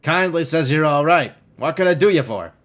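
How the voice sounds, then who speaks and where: A man's voice: a little high, animated, normal speed, a bit bright. A man voicing a boisterous, hungover middle-aged male cyber doctor who is cheerful and wisecracking.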